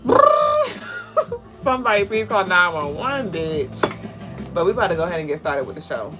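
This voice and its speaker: A woman's voice: deep voice, animated, brisk. Slangy young woman chatting on a livestream. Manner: slangy, candid, laughs often, swears casually. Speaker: livestream co-host. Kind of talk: casual live-stream chat reading comments. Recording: music playing clearly behind.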